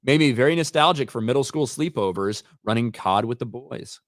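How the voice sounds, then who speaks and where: A man's voice: medium pitch, lively intonation, fairly quick, dry recording, clean studio sound. A man hosting a casual livestream, reading viewer comments and chatting loosely, with plenty of swearing. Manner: casual, profane, rambling.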